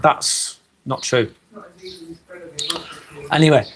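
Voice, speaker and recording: A man from Northwest England with a Lancashire accent hosts a live stream, reading chat and talking casually with viewers while swearing freely. His voice is medium-pitched and very slow, with a slight hiss or hum on the recording.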